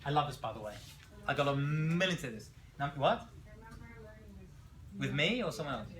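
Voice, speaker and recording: A man teaching a class as a rabbi, telling jokes and stories in an animated way and throwing questions at his students. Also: a little high, normal speed. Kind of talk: classroom lecture.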